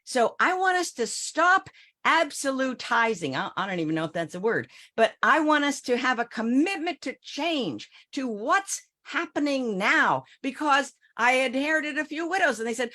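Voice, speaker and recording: Middle-aged woman, ex-financial advisor, emphatic talk to a crowd, higher voice with a wide, lively pitch. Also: normal speed. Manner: emphatic, addresses listeners directly with rhetorical questions. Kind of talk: speaking to an audience, storytelling.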